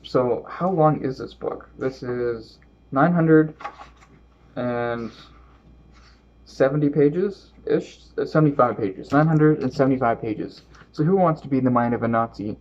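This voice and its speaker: A man with a Canadian accent talks casually about books he might read next, pausing and restarting often in a thoughtful, halting way. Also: mid-range voice, dull audio. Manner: thoughtful, halting, trips over words and restarts. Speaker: book vlogger. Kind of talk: reading aloud and casual book talk.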